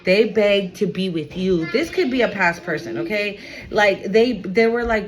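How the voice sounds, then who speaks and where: A tarot reader gives her viewers a spiritual card reading, calling them "y'all" and repeating phrases with real emphasis. Her medium-pitched voice is animated and moves at a moderate pace, though the recording is rough.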